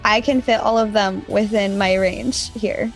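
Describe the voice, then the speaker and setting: A woman's voice: medium pitch, steady tone, a little slow, faint music behind. A woman co-hosting a casual gaming podcast, chatty and giggly, often breaking off mid-sentence. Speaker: podcast co-host.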